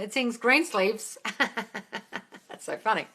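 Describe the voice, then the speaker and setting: A woman reads out and answers viewer questions on a live stream. She is blunt and sweary and keeps calling people darling. Her voice sits a little low but sounds bright and forceful. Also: animated, a little fast. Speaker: manifesting coach. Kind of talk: livestream Q&A.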